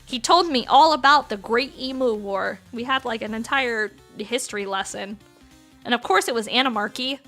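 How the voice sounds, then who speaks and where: A woman's voice: a little high, moderate pace, fairly bright tone, soft background music. A woman in her thirties chatting casually on a livestream, playful, laughing often and swearing freely. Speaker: streamer.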